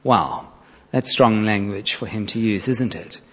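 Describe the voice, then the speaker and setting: A man preaching a sermon, retelling a Bible story with expressive storytelling and acted-out quotes. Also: fairly low pitch, a little slow, slightly rough. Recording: reverberant hall, dull lo-fi sound.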